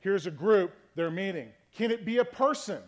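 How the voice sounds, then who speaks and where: A man with a notably high voice preaches a sermon in a relaxed, conversational teaching style. He checks in with his listeners often and plays with tone to make his points. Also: normal speed. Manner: conversational teaching, frequent "okay?" check-ins; varies tone to demonstrate meanings. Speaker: pastor.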